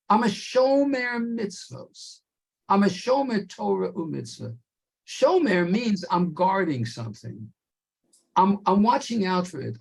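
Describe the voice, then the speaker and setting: A man teaching a Torah class, explaining slowly and stretching key words for emphasis. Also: sits high, vocal fry, husky.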